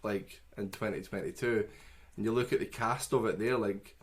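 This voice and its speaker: A man chats on a film podcast, eager and teasing as he defends a movie. His voice sits on the low side. He talks in a loose, conversational way. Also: steady tone, moderate pace. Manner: teasing, enthusiastic, chatty. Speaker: podcast co-host. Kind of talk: casual film review chat.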